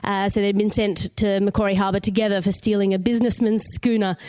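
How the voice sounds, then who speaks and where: A woman's voice: mid-range voice, level tone, quick pace, warm tone. An Australian woman, a guest comedian, telling a history story with wry, jokey asides.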